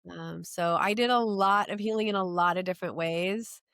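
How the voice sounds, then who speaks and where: Low-voiced woman telling her own story. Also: moderate pace, a bit bright, smooth, dry recording, clean studio sound. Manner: earnest, tumbling run-on storytelling with many restarts. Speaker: podcast guest. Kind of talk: personal storytelling in an interview.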